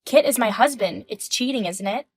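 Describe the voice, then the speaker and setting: A woman's voice: a little high, moderate pace, husky. A woman in her thirties voicing a composed, indignant wife in a text-message story, firm and questioning. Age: 30s.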